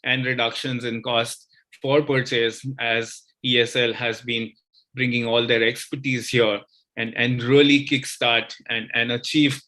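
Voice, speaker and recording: A man's voice: medium pitch, little pitch movement, a little slow, sharp tone. A man giving formal closing remarks at a conference, hesitant with many fillers and repeats. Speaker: conference speaker.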